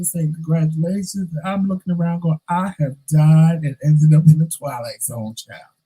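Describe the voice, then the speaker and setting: Husky, animated man telling a story. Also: a little high, normal speed, rough recording. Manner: animated, emphatic, says "child" often. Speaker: vlog host. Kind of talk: casual storytelling rant.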